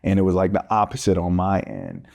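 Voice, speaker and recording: Podcast co-host, male, thirties, lively storyteller, mellow low tone. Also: fairly quick, gravelly. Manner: animated, acts out quoted voices, laughs often. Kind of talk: casual storytelling.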